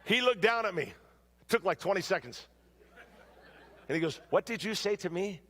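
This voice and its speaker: A man preaching a storytelling sermon in a church, shouting during his stories and dropping low for his main points. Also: moderate pace, in a large hall. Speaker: guest preacher. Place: church sanctuary.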